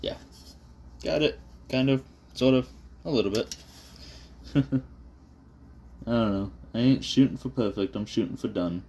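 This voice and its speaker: A man's voice: medium pitch, a little slow, pauses often, dark tone, a little hiss or hum. A man talking casually into a propped-up phone while he draws, rambling and self-deprecating, with lots of fillers and swearing. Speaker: vlogger drawing on camera. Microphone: phone propped up on the desk.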